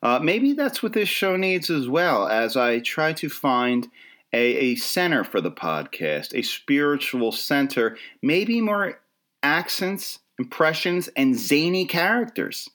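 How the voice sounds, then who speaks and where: A man's voice: fairly high pitch, big pitch swings, slow, a bit bright. A middle-aged man hosting his own podcast, delivering a rambling comedic monologue full of self-deprecating, wry asides. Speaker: podcast host.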